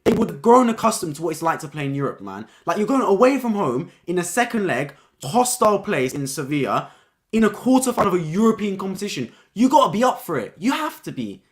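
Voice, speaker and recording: A young man hosts a live-stream football review, talking fast in a high-sitting voice. He's casual and excited, repeats his points, and ends his lines with "man."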